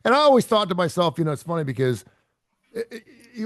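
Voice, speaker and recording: A middle-aged man hosts a casual radio chat, his voice sitting a bit high with a gravelly edge. He rambles, pokes fun at himself and fills gaps with ums and restarts. The sound is dry and close to the mic. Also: big pitch swings, fast talker, no echo. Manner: rambling, self-deprecating, full of fillers and restarts. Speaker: radio show host.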